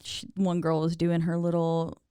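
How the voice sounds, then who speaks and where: A woman's voice: lowish voice, monotone, measured pace, mellow, smooth, no echo, clean studio sound. A woman co-hosting a horror movie podcast in a laid-back, casual chat, swearing and laughing often. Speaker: podcast co-host.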